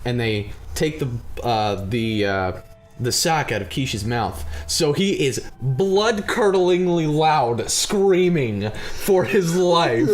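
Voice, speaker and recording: A young man casually telling a funny story on a podcast, animated and often laughing. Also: a little high, slow. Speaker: podcast host.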